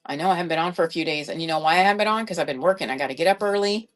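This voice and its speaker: Rapid-fire and fairly low in pitch, a middle-aged woman runs a casual live-stream sale on a shopping app as an online reseller, rambling and musing aloud while checking sizes.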